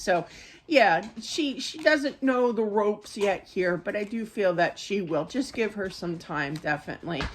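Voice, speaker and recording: A middle-aged woman giving a live psychic reading to viewers. She rambles in a chatty way, with many fillers and side stories. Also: mid-range voice. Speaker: psychic medium.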